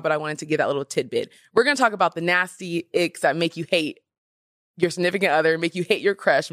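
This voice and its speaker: A young woman hosting a podcast in casual chat, animated and emphatic with sassy asides. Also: medium pitch, no room sound, clean studio sound. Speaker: podcast host.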